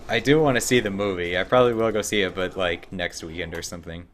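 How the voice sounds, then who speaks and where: A man's voice: low-pitched, fast, a bit bright. A young man chatting casually while streaming a game live, joking with his viewers and sometimes putting on a playful accent for the characters. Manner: joking, chatty, voices quest characters in a put-on Scottish-style accent.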